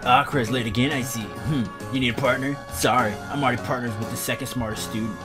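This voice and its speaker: A man's voice: medium pitch, fast talker, over music, voice pushed down, close to an everyday voice. A man voicing a smug, know-it-all teenage bird student in a game, talking down to others. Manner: condescending.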